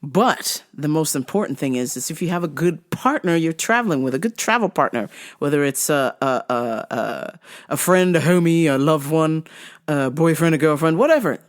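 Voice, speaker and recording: Animated, joking woman radio host. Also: deep voice, moderate pace. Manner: joking, laughs often, swears freely. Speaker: host of an online radio show. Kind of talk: casual solo podcast monologue.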